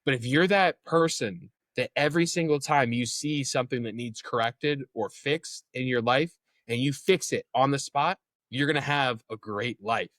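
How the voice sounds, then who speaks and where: A man's voice: medium pitch, moderate pace, a bit bright, dry recording. A young man as an interview guest, telling his story in a candid, casual way, swearing freely and acting out what others said.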